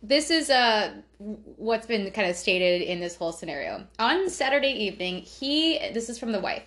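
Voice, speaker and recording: A woman's voice: mid-range voice, sing-song, normal speed, a bit bright. Chatty, swearing woman podcast host. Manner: swears freely, laughs often, trails off and corrects herself. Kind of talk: casual chat.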